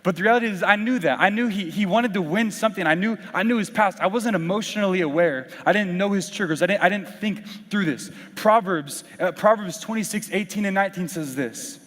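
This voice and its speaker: A man's voice: high voice, brisk, hardly any pauses. Young man preaching in a reverberant hall. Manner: casual, animated storytelling with acted quotes. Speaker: youth pastor. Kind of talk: youth sermon with storytelling. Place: large hall with audience.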